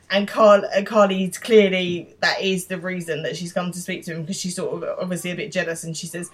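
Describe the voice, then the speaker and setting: A woman's voice: lowish voice, steady tone. A woman co-hosting a podcast, casually narrating a TV episode's plot and quoting the characters. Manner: narrates plot quickly, quoting lines, with laughs. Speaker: podcast co-host. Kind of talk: casual recap chat.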